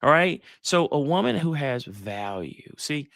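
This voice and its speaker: A middle-aged man, a psychologist giving a lively live talk. He tells stories, acts out the dialogue and keeps asking the crowd if they get it. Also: fairly high pitch, measured pace, gravelly, no room sound, clean studio sound. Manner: animated storytelling, acts out dialogue, asks the crowd questions. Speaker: psychologist giving relationship advice.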